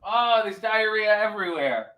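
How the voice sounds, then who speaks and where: A man's voice: high voice, expressive, moderate pace, highs cut off. A man hosting a casual livestream from a hotel room, reading chat comments aloud with wry, profane joking asides. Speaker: livestream host.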